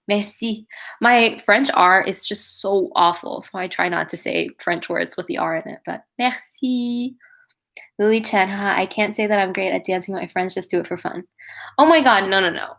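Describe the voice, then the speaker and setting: A woman's voice: medium pitch, a bit bright. A young woman hosting a casual livestream, reading out viewer comments and chatting in a gushing, chatty way. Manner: chatty and gushing, many "like"s and "oh my God"s. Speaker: livestream host and cover singer.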